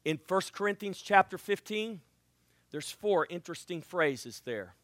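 A man preaching a sermon as pastor, swinging from loud proclaiming to hushed near-whisper and acting out Bible voices with playful asides. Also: high-pitched, expressive, a little slow, no room sound.

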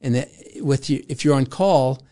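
A man's voice: medium pitch, normal speed, warm tone. An older man, a guest in an interview, telling a long story in casual talk with frequent laughs. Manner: rambling, laughs often, acts out quoted voices.

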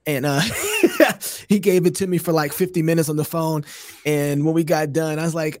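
A man hosting a podcast in casual chat, animated and laughing often as he restarts his sentences. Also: a little high, a little fast, no echo, studio quality. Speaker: podcast host.

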